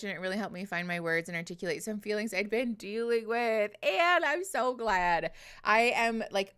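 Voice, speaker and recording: A chatty woman hosting a casual livestream, giggling, cursing freely and filling her sentences with "like." She speaks close into a desk microphone in an easy, mid-pitched voice. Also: fairly bright tone. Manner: chatty, giggly, swears casually, lots of "like" fillers. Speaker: livestream host. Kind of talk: casual livestream chat with viewers.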